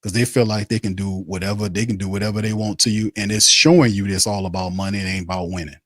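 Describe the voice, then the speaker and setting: A man's voice: fairly low pitch, steady tone, fast talker, a bit bright, no room sound, studio quality. A man hosting a postgame sports show. He rants bluntly and heatedly and keeps repeating his phrases. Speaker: sports talk show host.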